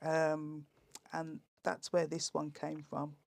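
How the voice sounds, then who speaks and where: A woman performing comic rhyming poems in a lively, theatrical way. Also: sits low, slow, creaky. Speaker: comic poet guest.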